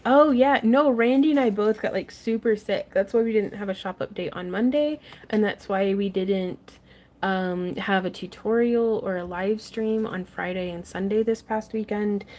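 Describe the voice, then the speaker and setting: A woman's voice: mid-range voice, normal speed, darkish tone. A young woman hosting a casual craft tutorial livestream, chatting, laughing often and reading viewer comments aloud as she works.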